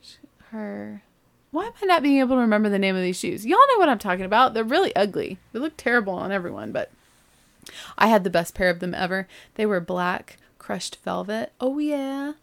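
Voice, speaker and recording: A woman's voice: medium pitch, big pitch swings, fairly quick, vocal fry. A woman, hosting a podcast in a rambling, chatty way with lots of "like" and self-corrections. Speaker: podcast host. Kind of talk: casual solo chat.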